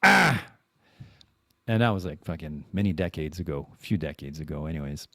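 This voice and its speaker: A podcast host in his forties gives a casual confessional monologue, rambling, candid, and self-deprecating, full of profanity and restarts. His bass voice is fast and darkish, with no echo.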